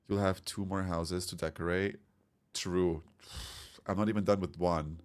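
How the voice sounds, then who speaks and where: A man's voice: low voice, fairly even intonation, moderate pace. A man streaming a game, chatting casually and rambling as he reads chat comments aloud. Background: soft background music.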